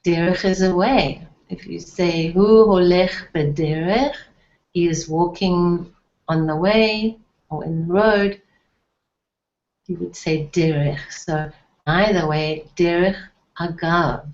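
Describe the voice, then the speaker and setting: A woman teaching everyday phrases in a language lesson, slowly repeating each word with care. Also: on the low side, steady tone. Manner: slow, careful repetition of phrases. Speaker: Hebrew teacher. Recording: echoey, dull lo-fi room sound.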